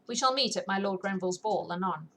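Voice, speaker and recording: A woman's voice: medium pitch, animated, fast talker, a bit bright, a little hiss or hum, lightly acted. A woman doing an anxious young noblewoman. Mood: composed. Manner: pleading yet composed.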